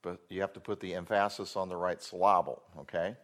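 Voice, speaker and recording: A man's voice: deep voice, level tone, a little fast, a bit bright. A man teaching a Bible word-study class, explaining step by step and checking in with rhetorical questions.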